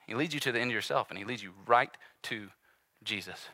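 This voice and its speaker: Dramatic preacher man, bright and dry. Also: lowish voice, brisk, no room sound. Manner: dramatic storytelling, acting out quoted voices, swings between loud and hushed. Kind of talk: sermon.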